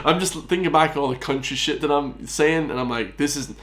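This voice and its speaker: A man's voice: a little high, a little fast, noisy background. A young man with a West of Ireland accent, chatting casually as he reacts to a video and talks to his viewers. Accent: Irish, West of Ireland. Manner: chatty, addresses viewers as guys and lads.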